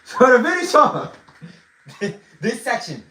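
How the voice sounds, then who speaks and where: A man livestreaming from a phone, telling a story in an animated, profane way with bursts of shouting. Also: high-pitched, moderate pace, reverberant, poor audio. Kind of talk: storytelling monologue.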